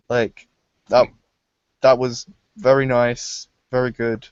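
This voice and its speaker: A young man reviewing films in a casual chat, animated, laughing often and acting out lines. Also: mid-range voice, takes it slowly, pauses often, no room sound, dull audio. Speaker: film reviewer.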